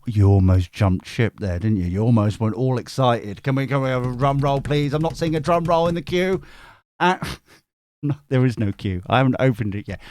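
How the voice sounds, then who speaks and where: A man's voice: mid-range voice, moderate pace, darkish tone, no echo. A man hosting a tarot livestream, bantering playfully with his chat.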